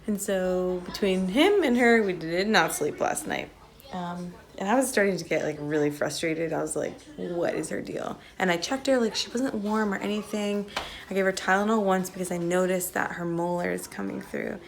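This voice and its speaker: A young woman with a lowish, creaky voice at normal speed chats casually into the phone she's holding to film a family vlog. She's a tired, exhausted mother at home indoors amid a messy house, sighing and saying "like" often.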